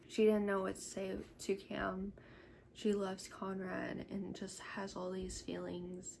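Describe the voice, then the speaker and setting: A woman's voice: medium pitch, creaky, a little mellow, low-quality recording. A woman recapping a novel chapter by chapter in a chatty, casual way, full of "like" fillers. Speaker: book reviewer. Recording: noticeable background noise.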